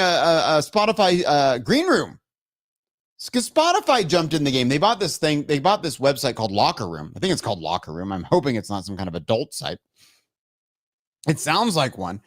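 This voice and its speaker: A man's voice: a little high, very animated, moderate pace, no echo, studio quality. A man hosting a live show, chatting casually and getting exasperated and laughing at his own tech troubles. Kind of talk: casual live-stream chat.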